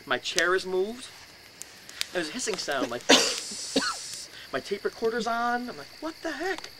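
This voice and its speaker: Man, middle-aged, slightly high voice, storyteller who whispers and shouts the quotes; noisy live recording with crickets behind. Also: sing-song, slow pace. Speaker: speaker telling a ghost story. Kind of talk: animated storytelling to an audience. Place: indoors, house.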